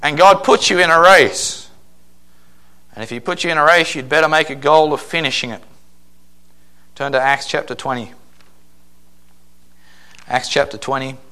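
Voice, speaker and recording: Male pastor, emphatic sermon delivery, bright forceful voice. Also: fairly high pitch, normal speed, long pauses. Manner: emphatic preaching with acted-out quotes.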